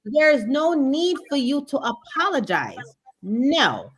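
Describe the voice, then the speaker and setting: A woman's voice: high voice, huge pitch swings, takes it slowly. A woman with a Brooklyn accent co-hosting a live stream, talking emphatically and repeating her points in casual chat. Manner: emphatic and repetitive, circles back on points. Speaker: co-host of a crypto live stream.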